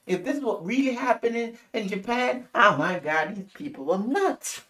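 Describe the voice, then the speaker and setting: A man from Africa giving a rambling, animated and profane casual review of a TV episode. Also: normal speed. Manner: rambling, animated, profane, swings pitch widely. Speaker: TV show reviewer.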